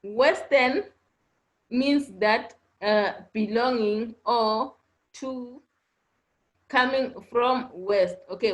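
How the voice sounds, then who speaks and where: A woman's voice: a little high, poor audio. A woman teaching an online class, patiently repeating points and checking understanding with frequent "okay?" prompts. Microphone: online video class audio.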